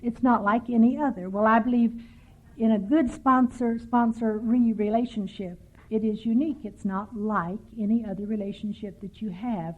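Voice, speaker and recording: A woman's voice: a little high, steady tone, moderate pace. An older woman from Texas speaking at a recovery workshop, telling stories with dry, self-mocking humor. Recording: tinny lo-fi 1990s tape.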